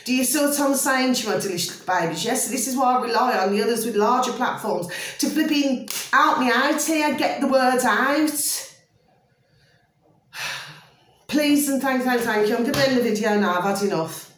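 A woman rants on camera to her followers in a fairly high voice. She rambles and circles back, mixing exasperation with fond asides and constant checks that listeners follow her. The room gives her voice a noticeable echo. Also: normal speed. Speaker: vlogger. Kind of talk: casual ranting monologue. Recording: echoey room.

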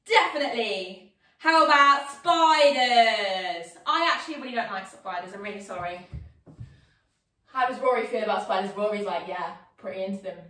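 A woman's voice: medium pitch, expressive, normal speed, a bit bright, echoey room, recorded from a distance. A woman leading an online yoga class for young children, playful and sing-song as she calls out poses and games. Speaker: kids yoga teacher.

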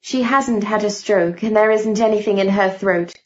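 A woman's voice: medium pitch, normal speed, darkish tone, close to an everyday voice. A woman voicing a mother who speaks in a firm, level way. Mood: firm, calm. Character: calm, firm mother of a teenage girl. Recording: dull lo-fi recording.

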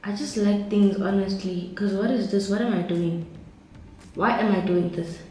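A woman's voice: medium pitch, normal speed, a little mellow. A young woman vlogging casually at home, chatty and exclamatory, yelping now and then. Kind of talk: casual vlog narration. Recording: very echoey room, faint background noise.

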